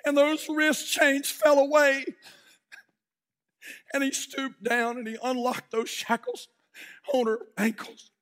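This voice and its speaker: Man preaching, very high voice, bright tone, dramatic hushed drops and shouts, church pulpit. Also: level tone, takes it slowly, pauses often. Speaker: pastor. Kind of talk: sermon storytelling and prayer.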